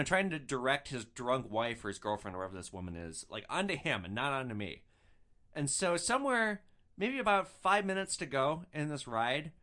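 A man's voice: medium pitch, a bit bright. A young man hosting a podcast, telling stories casually, with a profane, wry streak. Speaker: podcast host. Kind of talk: casual storytelling.

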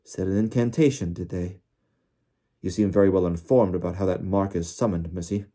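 A man's voice: sits low, normal speed, mellow. A man voicing a cold, curt, furious male official who snaps accusations, in an audiobook reading. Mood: accusing. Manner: snapping accusations. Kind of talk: audiobook character voice.

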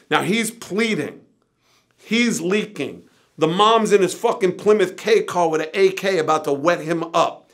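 Animated storyteller, bright New man. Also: sits high, normal speed. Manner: vivid anecdote with acted-out quotes and swearing. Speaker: interview guest.

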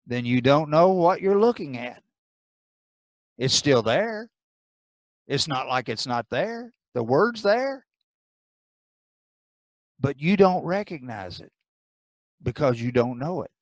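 A man teaching a church Bible class, deliberate and repeating his key lines for emphasis. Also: mid-range voice, sing-song, dry recording. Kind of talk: Bible lesson.

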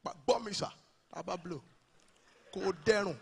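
A man with a Nigerian accent performing animated stand-up comedy live at a church event. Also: high-pitched, moderate pace, creaky, husky. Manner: animated, mixing Pidgin and Yoruba.

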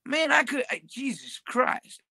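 A woman's voice: high-pitched, sing-song, a little slow, creaky, pushed and bright, no echo. A woman livestreaming, talking in a crude, profane, drawling ramble.

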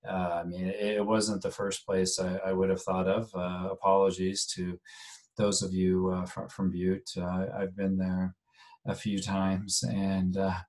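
Man, genealogy instructor, recorded lecture, lowish voice, halting, lots of fillers. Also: completely flat delivery, a little mellow. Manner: halting, many fillers and restarts, conversational.

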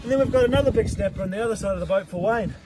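A man with a New Zealand accent giving excited, playful commentary while fishing on a small boat outdoors. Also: high-pitched, racing, crowd noise. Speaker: angler on the boat.

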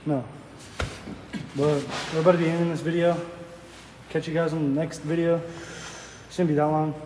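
A young man hyping up a workout and running the video, loud and swearing casually. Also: a little high, level tone, moderate pace. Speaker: vlogger. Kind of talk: gym hype shouting. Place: gym at night. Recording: echoey gym hall with noise.

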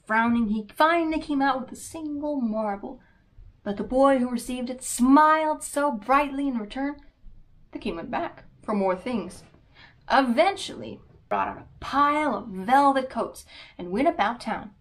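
A woman reading a children's storybook aloud with an expressive storytelling cadence. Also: on the high side, low-quality recording.

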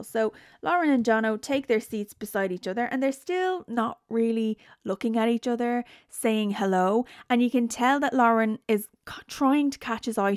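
Woman, reality tv recap, sarcastic and ranting, fairly high voice, dry close sound. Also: dry recording. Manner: sarcastic, ranting, swears freely. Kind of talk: casual spoken recap.

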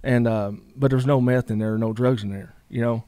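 A middle-aged man tells his story at a quick clip, rambling through fillers and acting out what others said. The recording is close and dry, with no room sound. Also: mid-range voice, steady tone, mellow, no room sound. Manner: rambling, many fillers, quotes others in dialogue. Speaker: guest. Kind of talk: casual storytelling.

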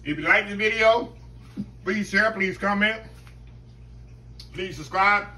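A man hosting a casual home cooking video, folksy and chatty, talking to viewers as "y'all" and dropping to a low murmur while he tastes. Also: slow pace, bright, forceful tone, slight background noise. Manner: folksy, keeps saying "y'all". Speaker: cooking channel host.

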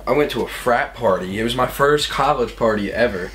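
A man's voice: medium pitch, a little fast, fairly bright tone, rough recording. A young man casually telling rambling party stories, full of "like" and acted-out quotes. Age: young adult. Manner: rambling, says "like" a lot, acts out quotes. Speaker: storytelling guest.

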